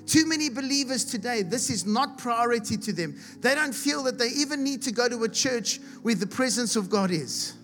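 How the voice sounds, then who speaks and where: A man from South Africa preaching a sermon with passion, building to shouts and repeating himself as he retells a story. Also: extremely high pitch, lively intonation, moderate pace, few pauses. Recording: music playing behind the voice.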